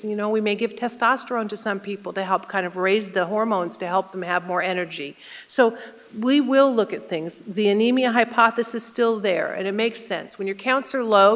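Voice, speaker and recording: A woman's voice: medium pitch, a bit bright. Middle-aged woman nurse, conversational lecturer who quizzes the audience, recorded with hall reverb. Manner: conversational, asks the audience questions. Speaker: nurse presenter. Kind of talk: community health lecture.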